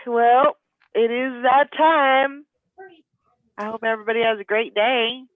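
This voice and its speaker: A woman's voice: on the high side, fairly even intonation, measured pace, no room sound. A woman hosting a casual morning chat show, chatting and agreeing with her guests. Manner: chatty, brief agreeing interjections. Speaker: host of a morning live-stream show. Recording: dull lo-fi sound.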